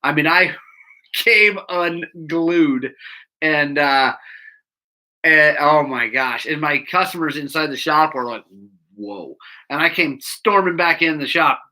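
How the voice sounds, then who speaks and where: A man's voice: fairly high pitch, takes it slowly. A man who runs a bike shop, telling a rambling anecdote to his audience. He laughs often and interrupts himself. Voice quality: laughs often while telling stories, bleeps his own swearing. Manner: animated, rambling, self-interrupting anecdote teller. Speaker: bike shop owner and show host. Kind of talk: casual storytelling to a live audience.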